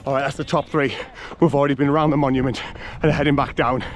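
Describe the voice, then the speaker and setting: A man's voice: mid-range voice, steady tone, fast, faint music behind. A man with a North East English accent, chatting cheerily and laughing as he vlogs a trail run, out of breath. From North East England. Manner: chatty, cheery, laughs often, greets runners. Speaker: running vlogger. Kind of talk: casual vlog commentary while trail running. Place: outdoor hill and woodland trail.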